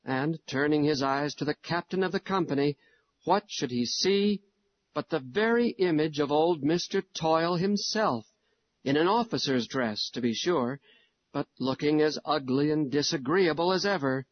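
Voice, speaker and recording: A man narrating a storybook in a measured storytelling way. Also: a little high, lively intonation. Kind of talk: storybook reading. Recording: dull lo-fi recording.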